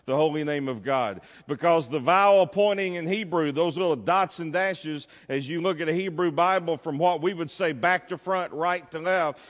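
A man preaching a sermon as pastor, emphatic, drawing out his key words. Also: on the high side. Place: church sanctuary. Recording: long reverb of a church hall.

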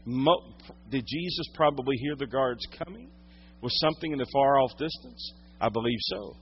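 A male pastor preaching a sermon, swinging from hushed, intimate moments to loud, dramatic storytelling. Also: medium pitch, lively intonation, normal speed, husky, lo-fi sound.

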